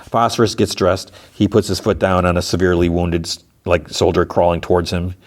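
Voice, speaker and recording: Deep voiced podcast guy rambling through a show recap, lots of um and like. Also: level tone, fairly quick. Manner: rambling, many fillers and restarts. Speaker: podcast host. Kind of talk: casual episode recap.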